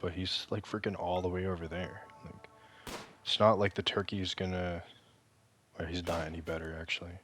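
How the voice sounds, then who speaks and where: Male gaming creator, deep voice with a bright, forceful edge; rambling, self-mocking commentary full of halting restarts. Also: level tone, faint music behind. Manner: rambling, joking, self-deprecating. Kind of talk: casual gameplay commentary.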